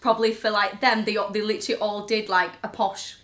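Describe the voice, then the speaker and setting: A woman's voice: medium pitch, flat delivery, fairly bright tone, a little hiss or hum. Agreeable English woman, roomy sound. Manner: agreeable, tags questions, quick to laugh. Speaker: co-host. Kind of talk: casual chat.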